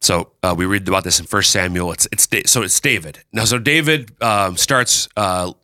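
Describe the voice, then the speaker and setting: A man hosting a casual chat, explaining Bible readings with lively, playful asides. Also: deep voice, normal speed, no room sound, clean studio sound. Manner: lively, animated, breaks into playful character voices. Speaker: podcast host explaining scripture.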